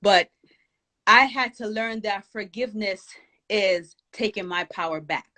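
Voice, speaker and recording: A woman's voice: medium pitch, moderate pace, bright, forceful tone. A woman from Jamaica, a guest and author speaking emphatically and encouragingly in an inspirational conversation. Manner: emphatic, encouraging, preacher-like exhortation.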